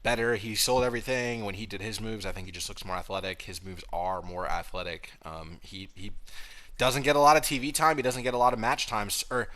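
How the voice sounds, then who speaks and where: A young man co-hosting a casual podcast, laughing often and trailing off quietly. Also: lowish voice, fairly even intonation, a little fast. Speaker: co-host.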